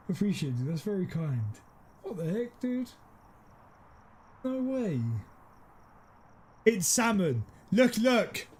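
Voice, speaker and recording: A man streaming a game, chatting casually and teasing his viewers, quick to exclaim. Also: sits high, slight background noise. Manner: excitable, teasing, exclaims often. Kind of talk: casual live-stream chat.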